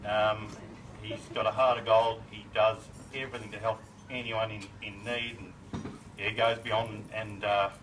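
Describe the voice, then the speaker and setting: A man's voice: on the low side, little pitch movement, normal speed, fairly bright tone. A middle-aged man giving a casual birthday speech as a family friend, laid-back and chuckling, with plenty of slang. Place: party in a shed. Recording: far from the mic, noisy room.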